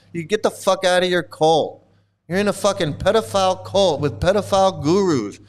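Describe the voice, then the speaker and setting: A man with a notably high voice for his sex delivers a furious, profane reaction rant. He sounds middle-aged, abrasive and mocking, hurling insults and swear words in almost every sentence. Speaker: commentator reacting to videos.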